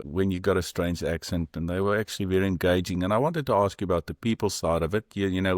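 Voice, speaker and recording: A man co-hosts a podcast in a very deep voice, inquisitive and engaged as he asks the guest a question. The sound is dry and close. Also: no room sound. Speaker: podcast co-host. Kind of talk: interview questions.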